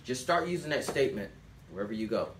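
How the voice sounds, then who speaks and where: A man giving a sales coaching talk to a small group, telling stories in a loose, animated way and acting out quotes. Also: mid-range voice, fast talker. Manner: animated storyteller, acts out quotes, loose rambling phrasing. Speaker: sales trainer. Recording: echoey room, mic at a distance, faint background noise.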